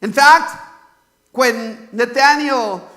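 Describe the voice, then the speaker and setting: A man's voice: very high-pitched, extremely slow, sharp tone. A man from California preaching a sermon in a conversational way, full of fillers and rhetorical questions. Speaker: pastor.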